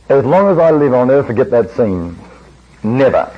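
A man's voice: mid-range voice, lively intonation, moderate pace, slightly rough. A man preaching a sermon, telling a story in earnest and acting out the quoted dialogue. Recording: dull lo-fi old recording.

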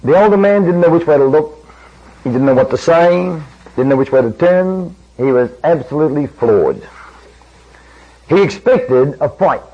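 A husky-voiced man tells a sermon story in earnest, slipping into the voices of the people he quotes. His voice sits a little high for a man. The recording is dull and lo-fi, like an old tape. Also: animated, normal speed. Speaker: preacher.

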